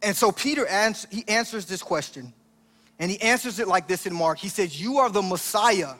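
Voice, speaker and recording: A man's voice: sits high, animated, moderate pace, pushed and bright, big-room sound. A man preaching a sermon as pastor, in a conversational style that acts out the lines he quotes.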